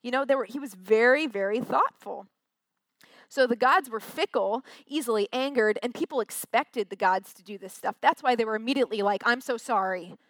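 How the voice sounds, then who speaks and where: A woman's voice: fairly high pitch, a little fast, dry recording. A woman giving a casual, chatty sermon from a stage, acting out quotes in little voices. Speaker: preacher.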